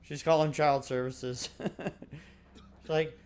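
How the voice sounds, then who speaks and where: A man's voice: fairly high pitch, steady tone, slow pace, a little mellow. A man doing casual gameplay commentary, joking, swearing and laughing at the game as he plays. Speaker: let's play commentator.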